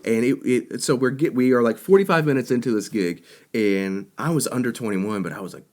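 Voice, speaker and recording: A young man in his twenties, co-hosting a podcast and telling a gig story in a casual, animated way, acting out the lines of the people in it. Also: medium pitch. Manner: animated, quick to act out quotes. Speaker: podcast co-host.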